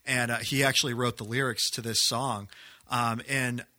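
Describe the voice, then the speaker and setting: A man's voice: mid-range voice, steady tone, moderate pace, pushed and bright. A man hosting a podcast, talking in a thoughtful, hesitant way with many fillers. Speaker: podcast host. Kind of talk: casual discussion.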